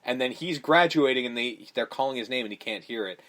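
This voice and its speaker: A man's voice: medium pitch, a little fast, fairly bright tone. A man co-hosting a casual movie-review podcast, rambling and swearing freely as he retells scenes. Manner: profane, rambling, acts out quotes. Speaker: podcast co-host.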